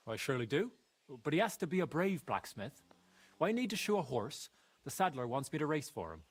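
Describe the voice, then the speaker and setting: Game role: an eager medieval guildsman, persuasive, with a lively, animated delivery. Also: fairly high pitch, brisk, breathy edge. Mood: coaxing. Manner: persuasive, coaxing. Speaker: video game character.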